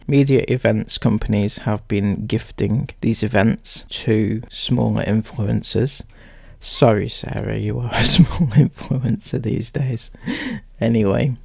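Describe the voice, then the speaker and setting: A man's voice: medium pitch, creaky, a little mellow, no room sound, studio quality. A man hosting a sarcastic commentary, speaking straight at the people he mocks with open skepticism. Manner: mocking, skeptical, addresses subjects directly. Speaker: commentary host.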